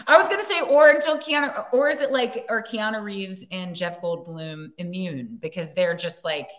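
A woman actor as a podcast guest, telling a story in an animated, giggly way with lots of filler words. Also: mid-range voice, normal speed. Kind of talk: casual storytelling chat.

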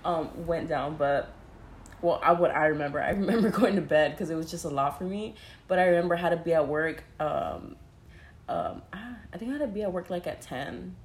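A woman's voice: lowish voice, animated, a little fast. A young woman telling a story casually, laughing often, saying "like" constantly and swearing freely. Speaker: podcast co-host. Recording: roomy echo.

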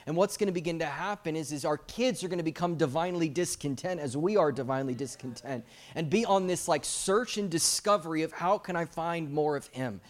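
A man's voice: fairly high pitch, brisk, few pauses. A young adult man preaching a guest sermon at a church service, telling stories with light jokes. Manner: animated storytelling with jokes.

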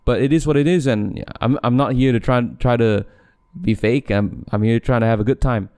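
A man's voice: medium pitch, brisk, darkish tone. A young man from Malaysia hosting a podcast, talking casually and rambling, with frequent restarts and laughs. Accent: neutral English with a light Malaysian tinge. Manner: rambling, self-interrupting, laughs often. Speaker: podcast host. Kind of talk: casual solo podcast monologue.

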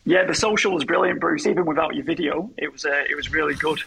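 A man's voice: fairly high pitch, quick pace, gravelly, bright, forceful tone, breathy edge, poor audio. A man from Australia, a podcast guest chatting in a friendly way. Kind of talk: casual podcast chat.

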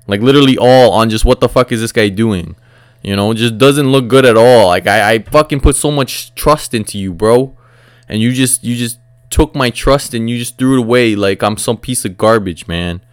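Profane, rambling young podcaster. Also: male voice, mid-range voice, normal speed, smooth, no echo. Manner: frustrated, profane, rambling with filler words. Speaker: podcast host. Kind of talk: casual solo sports podcast rant.

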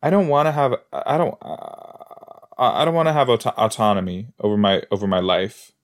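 A man's voice: fairly low pitch, steady tone, moderate pace. A man hosting a podcast, reacting casually and jokingly while watching an episode. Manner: chatty, joking, thinks aloud with fillers. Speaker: podcast host.

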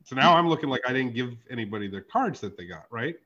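A man in casual podcast chat spins a profane story, acting out each back-and-forth in different voices. His pitch sits in the middle. The audio is muffled and lo-fi. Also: sing-song, quick pace, fairly bright tone. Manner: profane, storytelling with reenacted dialogue. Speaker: podcast host.

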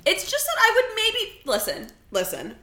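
Bright, animated young woman in an echoey room. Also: very high voice, moderate pace, a little hiss or hum. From California. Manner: animated, swearing, laughing often. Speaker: podcast co-host. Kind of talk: casual chat.

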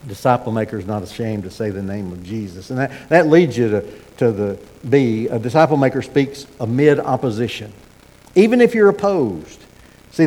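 A middle-aged man preaching a sermon as pastor, folksy and animated with asides and repeated starts. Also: mid-range voice. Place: church sanctuary. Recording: sermon in a hall with long reverb.

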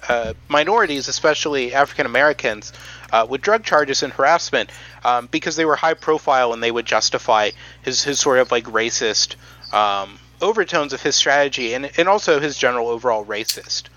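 A man hosting a casual podcast, talking in halting starts with many ums while explaining history. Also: mid-range voice, expressive, pushed and bright, muffled recording. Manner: halting, many ums, reading quotes aloud. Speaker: podcast host.

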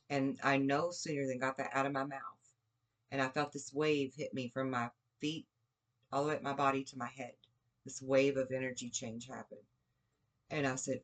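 A woman's voice: extremely low pitch, steady tone, a little slow, long pauses. A woman recounting a personal experience in a rambling, conversational way, with frequent fillers and restarts. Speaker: podcast speaker. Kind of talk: personal storytelling.

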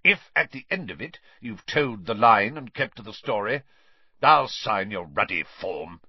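A man's voice: fairly low pitch, expressive, a little slow, breathy edge, dry recording, lo-fi sound. A man voicing a blustering, bullying middle-aged uncle who snarls and bellows. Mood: grudging.

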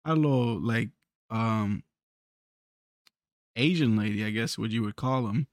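A man's voice: on the low side, moderate pace, no echo, studio quality. A man in casual podcast chat, slangy, laughing often and mimicking people in put-on voices. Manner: slangy, calls people fool.

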